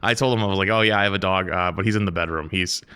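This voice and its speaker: Casting: male streamer, bright forceful tone, rambling casual chat, casual swearing. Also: low voice, steady tone, racing, clear, resonant tone.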